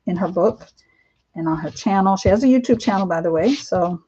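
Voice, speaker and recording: A woman in her fifties chatting casually on a live stream, candid and rambling, with lots of fillers, laughs and animated quoted asides. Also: medium pitch, fairly quick, highs cut off, slight background noise. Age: 50s. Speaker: vlogger. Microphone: live-stream camera mic.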